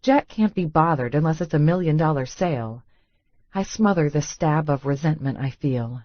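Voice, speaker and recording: A woman narrating a first-person romance audiobook with a wry, expressive inner monologue. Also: low voice, normal speed, no echo, dull audio.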